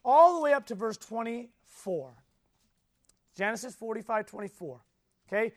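A man preaching a sermon, telling a story with animated energy, questioning the audience and swinging between soft and loud. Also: very high voice, moderate pace.

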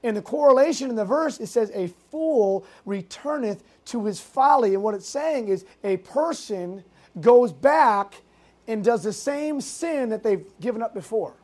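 A youth pastor from Massachusetts preaches a sermon to a youth group. The voice sits at a mid pitch. The delivery is animated storytelling, full of fillers and quick self-interrupting asides. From Massachusetts, United States.

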